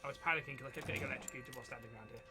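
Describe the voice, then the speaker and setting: A man with a medium-pitched, rapid-fire voice live-streams a video game, chatting and laughing through rambling commentary on his play. It's casual stream talk, with game music running under his voice.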